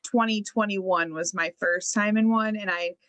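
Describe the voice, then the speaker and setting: A woman co-hosting a casual chat, quick to react with laughing asides. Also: medium pitch, fairly even intonation, a bit bright, dry recording, low-quality recording. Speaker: podcast co-host.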